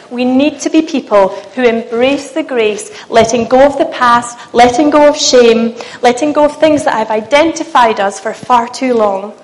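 A woman preaching a sermon to a church, lively and self-mocking, talking with the congregation in a loose, conversational way. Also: on the high side, rough recording. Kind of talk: humorous sermon with a live demonstration. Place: church meeting.

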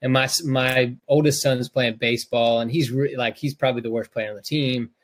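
A man's voice: medium pitch, fairly even intonation, brisk. Emotional, rambling middle-aged man. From North Carolina, US. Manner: emotional, rambling with many restarts and fillers. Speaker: podcast co-host, parent. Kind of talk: casual podcast chat.

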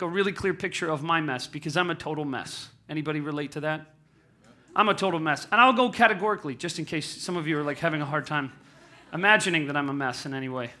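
A man in his thirties speaks to a live audience in a high, bright voice. He is candid and self-deprecating, jokes often and keeps asking the room questions. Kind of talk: candid, humorous talk to an audience.

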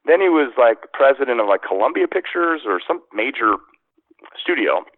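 A man's voice: medium pitch, sing-song, moderate pace, no echo. Rambling man on a tinny line. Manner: rambling, lots of restarts and "like". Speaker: sports radio host, former actor. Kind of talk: casual storytelling interview. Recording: tinny phone-like line, dry.

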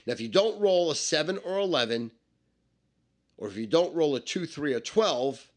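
A man telling a story about his own past in an animated, emphatic way, with lots of swearing and repetition. He explains things step by step and repeats the numbers. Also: a little high, moderate pace, long pauses. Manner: emphatic and profane, with many repetitions.

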